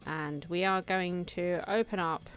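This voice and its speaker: A woman's voice: lowish voice, steady tone, measured pace. A woman casually commenting while she plays a game, thinking aloud and laughing at herself. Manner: chatty, self-amused, thinks aloud, often laughs. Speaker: gaming video host. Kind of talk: casual let's-play commentary. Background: faint game music.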